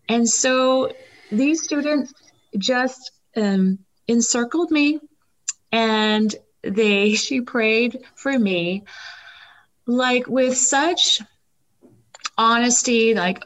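A woman's voice: on the high side, slow, poor audio. A middle-aged woman, a guest, telling an emotional faith story in an interview, with many fillers.

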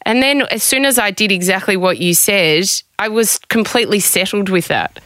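A woman's voice: medium pitch, moderate pace, fairly bright tone, no room sound. A woman hosting a podcast, relating a personal story in casual conversation. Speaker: podcast host.

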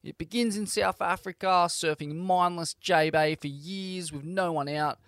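A man introduces the episode in a brash, profane, admiring way. His voice sits a little high for a man. The sound is close and dry. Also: steady tone, measured pace, fairly bright tone, dry recording. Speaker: show host, intro.

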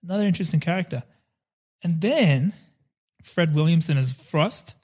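A man chats casually about movies as a podcast co-host. His voice sits slightly high, and he rambles with hesitant fillers between points. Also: moderate pace, background noise. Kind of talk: casual film discussion.

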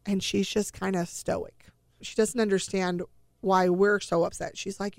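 A woman's voice: mid-range voice, flat delivery, a little slow, no echo, clean studio sound. A middle-aged woman telling her own family story in a personal, emotional way, acting out the dialogue she quotes.

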